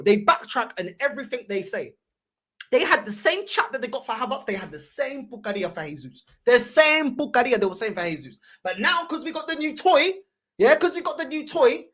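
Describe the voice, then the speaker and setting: A woman's voice: high voice, a bit bright. Exasperated woman ranting. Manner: heated, exasperated, slangy and repetitive. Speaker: fan channel host. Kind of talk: ranting reaction commentary.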